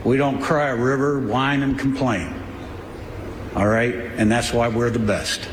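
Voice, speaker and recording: A male football coach speaks bluntly and boastfully at a media event. The sound is roomy with a long hall reverb and clear background noise. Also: medium pitch, steady tone, measured pace. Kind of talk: press conference remarks.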